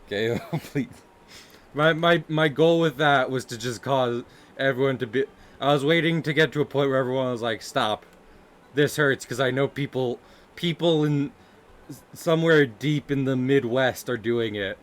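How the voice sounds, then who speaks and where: A man's voice: mid-range voice, moderate pace. A man chatting casually on a live stream while drawing, rambling and giggling between his remarks. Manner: giggly, rambling, often laughing and restarting. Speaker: livestreaming artist.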